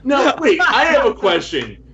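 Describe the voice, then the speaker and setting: A man playing a tabletop game casually, asking eager, quick questions. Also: extremely high pitch, huge pitch swings, a crowd in the background. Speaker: player. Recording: dull lo-fi mic.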